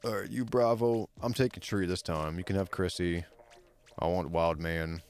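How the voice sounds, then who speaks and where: A man streaming a video game, chatting casually and excitably with his friends, swearing now and then. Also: normal speed. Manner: excitable, swears, pitch jumps when hyped. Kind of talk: casual gameplay commentary. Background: faint game music.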